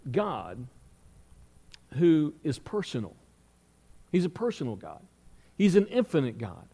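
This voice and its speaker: A man's voice: high voice, dark tone, in a large hall. A middle-aged man preaching a sermon as pastor, telling stories and asking the congregation questions. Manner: conversational storytelling with rhetorical questions. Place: church sanctuary.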